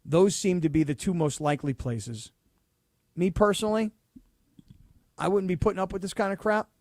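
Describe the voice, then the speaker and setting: High-voiced sarcastic sports radio man. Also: normal speed, no echo, clean studio sound. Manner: animated, mocks players with sarcastic impressions. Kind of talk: sports talk radio banter.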